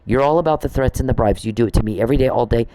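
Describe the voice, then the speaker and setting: A man's voice: mid-range voice, very fast, noisy background. A man on a podcast, delivering an angry, profane monologue aimed straight at one person he scolds. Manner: indignant, profane, scolding someone directly.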